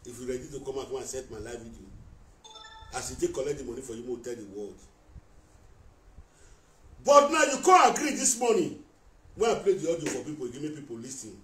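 A man's voice: medium pitch, a little mellow, a little hiss or hum. Angry Nigerian man ranting in an echoey room. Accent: Nigerian Pidgin English. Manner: accusatory, repetitive, talking straight at someone. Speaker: vlogger addressing a rival on a live video. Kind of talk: heated live-stream rant. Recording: echoey room, mic at a distance.

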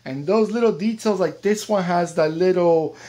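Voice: mid-range voice, normal speed, dark tone. An American toy collector reviewing a diecast model car in a casual vlog, chatty and enthusiastic, with the odd joke. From United States.

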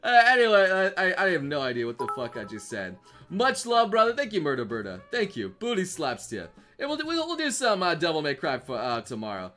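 A man streaming live, chatting casually with his viewers in a laid-back way that often trails off quietly. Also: fairly high pitch, huge pitch swings, a little fast, soft background music.

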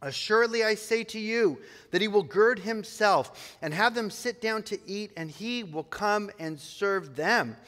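A man's voice: sits high, unhurried, a bit bright. A male pastor preaching a sermon and reading scripture aloud in a church sanctuary. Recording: long reverb of a church hall.

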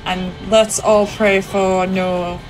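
Sick woman, relaxed live speedrun chat, steady middle pitch, music bed. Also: slow pace, low-quality recording. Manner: chatty, laughs often, thinks aloud with many ums. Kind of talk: live commentary on her own speedrun. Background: game music.

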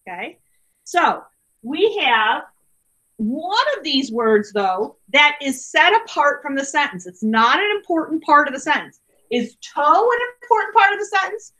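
A woman's voice: sits high, sharp tone. A woman teacher giving a chatty grammar lesson to her class over a video call, saying okay a lot. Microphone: computer mic on a video call.

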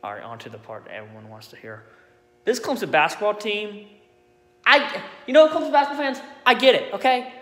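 A man ranting bluntly about his teams in a sports vlog, talking in an exasperated, animated way with frequent fillers. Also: high voice, a little fast. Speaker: sports vlogger. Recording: echoey room with long reverb.

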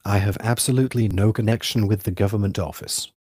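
A man's voice: fairly low pitch, fast talker, darkish tone, breathy edge, dry recording, clean studio sound. A man reading the part of a male schoolteacher who collects insects, answering defensively and insistently.

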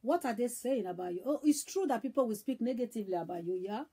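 A woman evangelist preaching a sermon, emphatic and repetitive, swinging between loud and hushed. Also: fairly high pitch, expressive, quick pace, husky.

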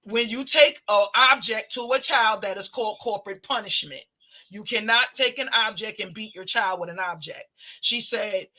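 A woman hosting a casual commentary chat, recounting events and acting out what others said. Her voice sits mid-pitch but rings bright and forceful. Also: normal speed. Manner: animated retelling, quoting others. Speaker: commentary channel host.

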